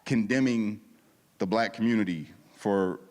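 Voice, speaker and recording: A lively man with a low voice, giving a testimony in a reverberant church hall. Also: unhurried. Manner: animated storytelling, acting out quoted dialogue; casual, slangy. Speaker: guest speaker at a church service. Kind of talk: testimony talk.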